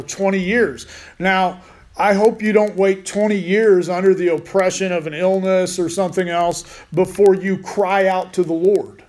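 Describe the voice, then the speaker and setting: A man's voice: sits high, a little mellow. A man teaching a Bible study in a casual way, with rambling, joking asides.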